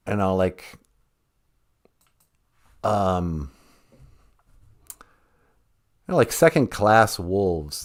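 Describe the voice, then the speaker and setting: A man's voice: on the low side, a little mellow. A man hosting a playful podcast, rambling and joking as he tells stories to kids. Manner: rambling, jokey, drawn-out storytelling. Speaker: podcast host and cartoonist. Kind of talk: playful casual podcast chat.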